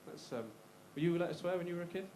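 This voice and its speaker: Fast-talking Black Country comedian. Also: male voice, high-pitched, darkish tone, a little hiss or hum. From Black Country, West Midlands, England. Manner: chatty and self-mocking, bantering with the crowd. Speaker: stand-up comedian. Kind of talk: live stand-up routine. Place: comedy club stage. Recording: roomy live club sound.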